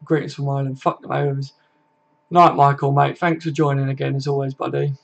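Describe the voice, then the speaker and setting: Gravelly chatty young man on stream. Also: medium pitch, flat delivery, brisk, dull audio. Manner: chatty and matey, swears often, reads chat aloud. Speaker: livestream host. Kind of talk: casual live-stream chat. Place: home computer setup.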